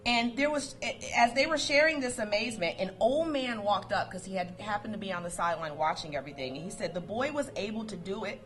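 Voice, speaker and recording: A woman giving a motivational talk to coworkers, lively and storytelling, quoting sayings and laughing often. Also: medium pitch, a little fast, hardly any pauses, faint music behind. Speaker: motivational speaker.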